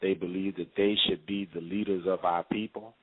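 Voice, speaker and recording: A man speaks as a radio interview guest in a measured, preacherly cadence, with many pauses and fillers. His voice sits fairly low. The sound is thin and narrow, as heard over a phone line. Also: little pitch movement.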